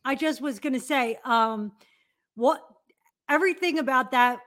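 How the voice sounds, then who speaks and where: A woman's voice: sits high, unhurried, a bit bright. A woman co-hosting a casual chat, rambling through memories and trailing off mid-sentence. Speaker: co-host.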